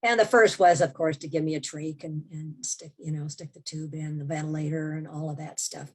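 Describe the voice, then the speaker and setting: A woman guest on an interview podcast, telling a personal story in a lively conversational way, sometimes dropping to a hushed voice. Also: low voice, fairly quick. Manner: animated storyteller, drops to hushed tones. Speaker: memoir author and interview guest.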